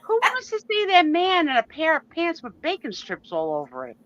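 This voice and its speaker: Expressive woman with strong opinions, casual chat, dull audio. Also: sits high, normal speed. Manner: animated storyteller, opinionated. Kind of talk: casual live-stream chat.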